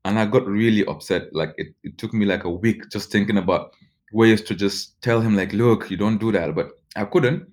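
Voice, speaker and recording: A man's voice: lowish voice, normal speed. A young man with a Nigerian accent, a journalist, recounting his experiences casually with lots of "like" and restarts. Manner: loose, full of "like" and restarts. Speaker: journalist interviewee. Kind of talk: casual personal storytelling.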